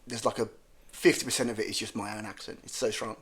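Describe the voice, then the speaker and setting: A man's voice: lowish voice, steady tone, fast, a bit bright. A man with a strong Brummie accent, a guest comedian rambling and joking through a casual podcast chat and often correcting himself mid-sentence. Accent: Birmingham (Brummie).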